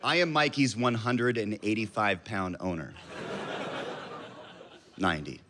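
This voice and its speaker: A man's voice: lowish voice, very animated, a little slow, background noise. A man in his thirties telling a rambling, self-mocking story as a stand-up comedian on a club stage. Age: 30s.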